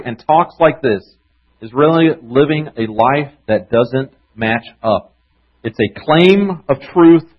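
Husky pastor preaching. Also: male voice, medium pitch, muffled recording. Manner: earnest, conversational preaching with restarts. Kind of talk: sermon.

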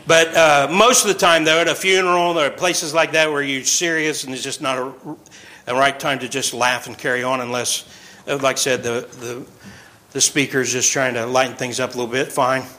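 A man's voice: mid-range voice, fairly even intonation, moderate pace, pushed and bright, rough recording. A man over forty giving an informal sermon, chatty and joking, often laughing between points. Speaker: pastor.

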